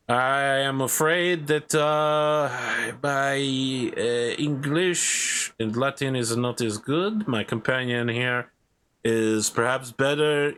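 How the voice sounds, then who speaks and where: A man voicing a tall, lithe male fairy knight who speaks in a measured, formal courtly way. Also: mid-range voice, a bit bright, clean tone.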